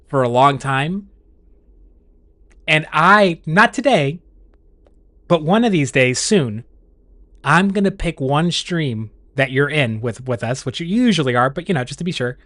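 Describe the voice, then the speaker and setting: A man's voice: fairly high pitch, fairly bright tone, no echo. A man streaming and chatting casually with his viewers, rambling along with restarts and laughs.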